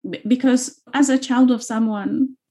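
Warm, mellow-voiced woman from Uganda. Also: fairly high pitch, fairly even intonation, normal speed. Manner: earnest, repeats phrases for emphasis. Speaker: author guest. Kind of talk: reflective interview talk.

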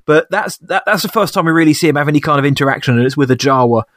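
A man's voice: on the high side, very fast, fairly bright tone, no room sound, clean studio sound. Thoughtful man reviewing an episode. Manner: thoughtful, hesitant, many restarts. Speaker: podcast co-host. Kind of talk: casual chat reviewing a TV episode.

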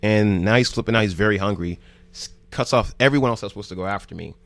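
Talking fast in a fairly low voice with no room sound, a New Jersey man who hosts a news show tells a rambling story. He's laid-back and loose, saying "like" constantly and swearing freely.

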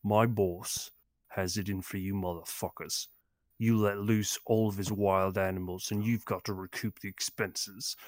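A man's voice: lowish voice, steady tone, unhurried, no room sound, lightly acted. A man voicing a menacing little girl who talks like a swearing gangster in a tabletop game. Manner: threatening, swearing, tough street talk.

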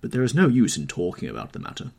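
A man's voice: fairly low pitch, huge pitch swings, quick pace, vocal fry, darkish tone, husky, full character voice. A man doing a cynical worldly aristocrat. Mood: airy. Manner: dismissive, urbane.

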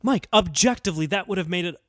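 A man co-hosting a casual comedy music podcast, joking and talking in quick animated bursts. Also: sits high. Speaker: podcast co-host.

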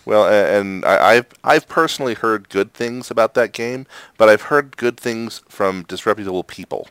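A very low-voiced man hosts a podcast, asking questions in a friendly, easy way and laughing often. The sound is dry and close. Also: normal speed, a bit bright, clear, resonant tone, no echo. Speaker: podcast host. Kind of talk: casual podcast interview.

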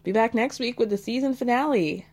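A woman hosting a podcast, casually retelling a reality-show storyline in a chatty, animated way. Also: a little high, brisk. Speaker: podcast host.

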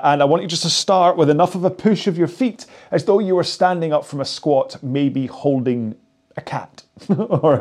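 A man's voice: fairly high pitch, darkish tone. A man coaching a rowing workout, chatty and jokey, talking while he rows on a machine. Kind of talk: instructional workout talk.

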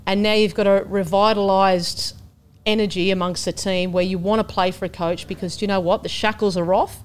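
A woman's voice: mid-range voice, brisk, smooth. A woman on a sports panel, making her point with conviction and energy. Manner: animated, argues with conviction. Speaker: panelist, former player. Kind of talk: casual panel chat.

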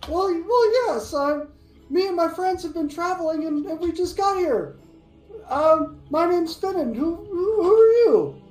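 A woman's voice: extremely high pitch, expressive, a little slow, darkish tone, roomy sound, soft background music, voice pushed up, low-quality recording. A woman voicing a naive, friendly young male adventurer in a tabletop game. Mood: innocent.

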